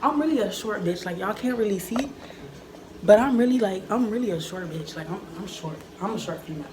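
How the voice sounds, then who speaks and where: A woman in her twenties telling a story, casual and profane, acting out the action with sound effects like booms. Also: lively intonation, fairly quick, background noise. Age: 20s.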